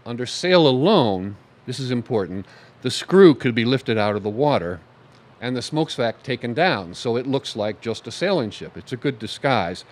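A man's voice: medium pitch, expressive, normal speed. A man giving a conversational history lecture to an audience, pointing at slides and stressing key words.

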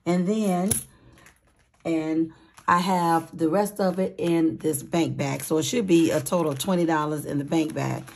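A woman hosting a casual budgeting vlog, with a raspy voice and an upbeat, chatty manner, calling her viewers sweeties and honey. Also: low voice, measured pace. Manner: upbeat, excited. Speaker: budgeting channel host.

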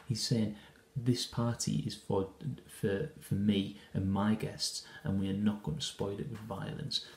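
A man gives a lesson commentary on a play scene. His voice is low and gravelly and stays fairly flat. He pauses and restarts often, in an echoey room. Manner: explanatory, hesitant with frequent ums and restarts. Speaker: English teacher.

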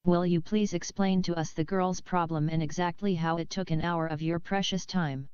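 A woman's voice: lowish voice, fairly even intonation, normal speed, darkish tone, clear, resonant tone, no echo, natural voice. A woman voicing a male religious scholar who asks questions formally and politely, on a slightly dull lo-fi recording. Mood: curious.

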